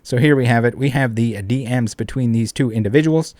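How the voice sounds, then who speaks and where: Guy ranting on his channel, swears a lot, mid pitch, dry close sound. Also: fairly quick, a little mellow, no room sound. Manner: indignant, profane, emphatic. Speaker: commentary channel host. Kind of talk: online commentary rant.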